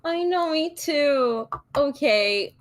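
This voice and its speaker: A woman calling in to a livestream teases and giggles through casual chat. Her fairly high voice swoops widely, and she takes her time with each line. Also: animated, drawn-out words. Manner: giggly, teasing. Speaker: call-in guest.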